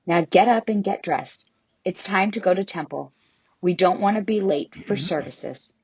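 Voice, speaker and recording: Woman as a gentle mom, soothing, lifted husky voice, muffled lo-fi. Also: mid-range voice, moderate pace, dry recording. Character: gentle reassuring mother.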